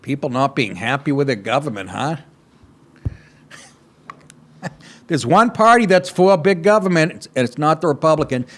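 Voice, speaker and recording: Sarcastic high-pitched ranting male host. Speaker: talk show host. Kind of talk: profane political commentary over clips.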